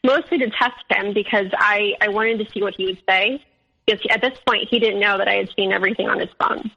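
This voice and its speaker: A young woman being interviewed, telling a personal story candidly, with many fillers and animated quotes of others. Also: mid-range voice, fairly quick, creaky, husky, muffled recording. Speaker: interview guest.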